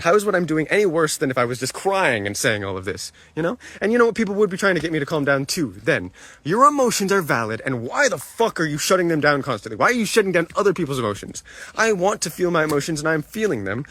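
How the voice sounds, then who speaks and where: A young man live streaming, ranting furiously with heavy swearing and halting restarts. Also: a little high, fairly bright tone, no echo. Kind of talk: angry live-stream rant.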